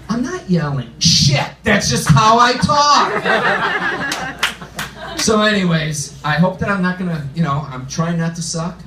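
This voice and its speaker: A man's voice: high-pitched, distant mic, very noisy. A man doing a stand-up comedy set on a club stage, telling self-deprecating stories in a conversational way. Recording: roomy club sound from off-mic, with a loud audience. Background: audience laughter and shouts.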